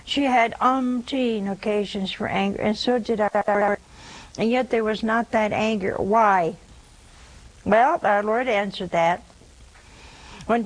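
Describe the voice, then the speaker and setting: Slow-spoken older woman preaching. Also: mid-range voice, steady tone, low-quality recording. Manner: earnest, repeats phrases for emphasis. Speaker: host of a religious call-in show. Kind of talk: preaching to callers.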